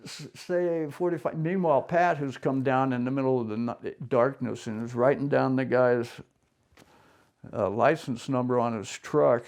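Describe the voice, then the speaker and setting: Older man with a gravelly voice. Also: mid-range voice, darkish tone. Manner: rambling anecdotes, acts out other people's lines. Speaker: interviewee. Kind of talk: casual storytelling.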